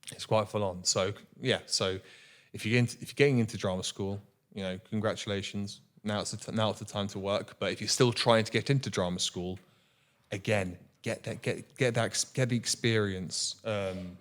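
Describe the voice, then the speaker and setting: Young male actor, lowish voice, earnest and animated, stumbles and repeats words as he talks. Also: normal speed. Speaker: actor guest. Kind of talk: casual interview chat.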